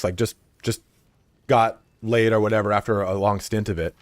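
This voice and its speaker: A man's voice: lowish voice, steady tone, brisk, no room sound. A man streaming a video game, chatting casually in a rambling, frank and profane way, full of fillers. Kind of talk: casual chat while playing.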